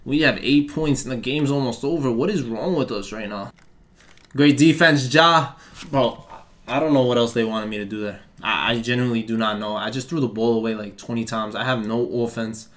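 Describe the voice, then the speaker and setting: A man's voice: medium pitch, moderate pace. Young man hyped over basketball gameplay. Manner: swings between hype yelling and deflated muttering. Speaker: gaming YouTuber. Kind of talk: live gameplay commentary.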